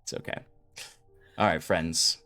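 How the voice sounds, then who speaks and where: A man's voice: unhurried, bright, forceful tone, soft background music. A man narrating as game master of a tabletop game, describing scenes casually with many fillers.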